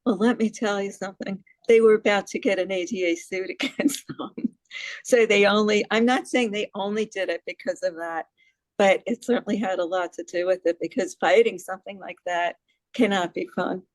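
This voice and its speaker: A woman's voice: mid-range voice, steady tone, normal speed, no echo, low-quality recording. A woman from New York City leads a casual presentation. She talks in a chatty way and keeps asking her listeners questions. Her voice sounds dry and close. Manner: chatty, asks the audience questions, laughs at herself. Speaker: presenter on hearing loss advocacy.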